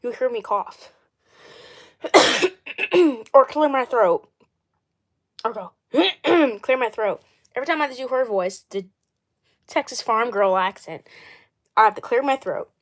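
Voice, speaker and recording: A young woman in her twenties chats loosely about her doll collection on a livestream. Her voice sits a little high. She rambles, restarts her sentences and clears her throat often. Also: animated, slow pace, pauses often. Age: 20s. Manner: rambling, self-correcting, frequent throat clearing. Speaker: doll series creator. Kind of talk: casual livestream chat.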